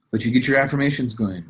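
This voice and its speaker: Man, business coach, mid-pitch, relaxed chatty delivery with "uh"s and restarts, coaching a group. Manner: casual, conversational, many fillers and restarts. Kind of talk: motivational training talk. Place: at a desk, writing as he talks.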